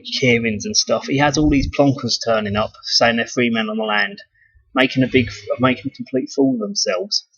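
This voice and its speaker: A man's voice: mid-range voice, creaky, a bit bright, breathy edge. A man from the United Kingdom talking casually in a rambling monologue, swearing and restarting his sentences. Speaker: video blogger. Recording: dull lo-fi sound.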